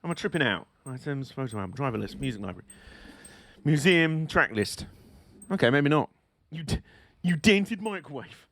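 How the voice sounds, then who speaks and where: A man's voice: mid-range voice, expressive, fairly quick, gravelly, pauses often, fairly bright tone. A British man streaming a racing game, chatting casually and joking with his viewers while he drives. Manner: chatty, joking, reads chat aloud. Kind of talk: casual live-stream commentary.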